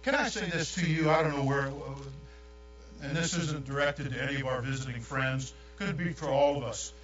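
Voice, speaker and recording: An older man, preaching a sermon with folksy, animated storytelling. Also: a little high, moderate pace, far from the mic. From New York. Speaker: pastor. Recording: echoey room, dull sound, mains hum.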